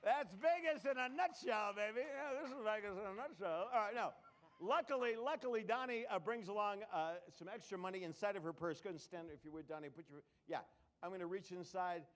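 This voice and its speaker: A man's voice: high voice, fast, a bit bright. A man performing a live comedy magic show, joking with volunteers from the audience between tricks.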